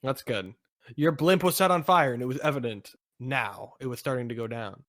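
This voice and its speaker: A man's voice: medium pitch, expressive, fairly quick, a bit bright, no room sound, clean studio sound. A man co-hosting a podcast, narrating a fan fiction aloud in an amused, playful way. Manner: amused, breaks into laughter between lines.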